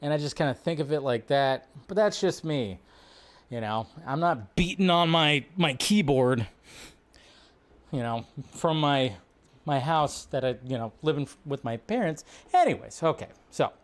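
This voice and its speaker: A man's voice: a little high, a little slow. Rambling man hosting a live stream. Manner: rambling, animated, many restarts and fillers. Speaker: host. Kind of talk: casual live-stream chat.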